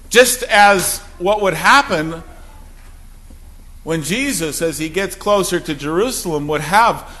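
Bright, high-voiced preaching man. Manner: emphatic, with rhetorical questions. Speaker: pastor. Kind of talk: sermon.

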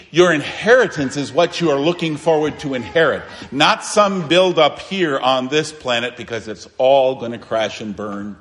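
A male pastor delivering a sermon in a slightly high voice, earnest and emphatic. He climbs to raised declarations, then drops to quiet, low asides. The sound carries a long reverb from the church hall. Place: church sanctuary.

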